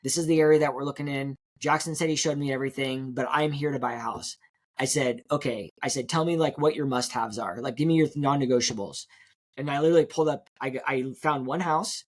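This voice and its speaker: A man in an interview, rattling through a story from his real estate career at a quick clip. His voice sits at an average pitch for a man, and he slips into the people he quotes as he goes. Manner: fast, animated storytelling, acts out quotes. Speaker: real estate agent, guest.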